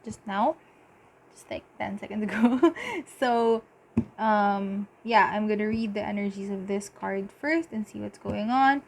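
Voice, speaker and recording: A woman giving a casual tarot reading, talking in halting bursts with lots of fillers and giddy laughter. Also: medium pitch, creaky, slight background noise. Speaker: tarot reader.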